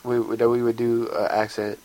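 A man's voice: mid-range voice, little pitch movement, normal speed, warm tone, rough recording. A man co-hosting a podcast in casual chat, dry, sarcastic and pedantic. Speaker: podcast co-host.

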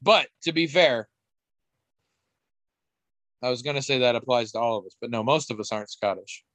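A man's voice: medium pitch, moderate pace, fairly bright tone, no echo. Rambling, wry man in dry casual chat. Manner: rambling, self-interrupting, wry, swears casually.

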